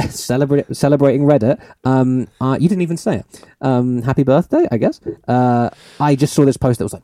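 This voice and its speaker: A man co-hosting a podcast in casual chat, excitable and quick to laugh, swearing freely. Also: mid-range voice, dry recording, studio quality. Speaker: podcast co-host.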